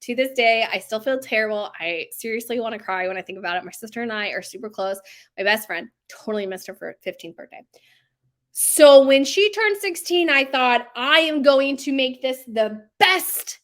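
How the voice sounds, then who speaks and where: A woman in her thirties telling family stories in a chatty, animated way, acting out quotes and laughing often. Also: a little high, brisk. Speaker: bakery owner telling stories. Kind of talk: casual storytelling monologue.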